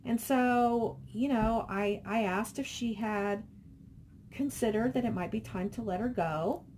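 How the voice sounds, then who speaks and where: A woman's voice: on the high side, unhurried, a little mellow, a little hiss or hum. A middle-aged woman vlogging casually, rambling and reading viewer comments aloud. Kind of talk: casual chat.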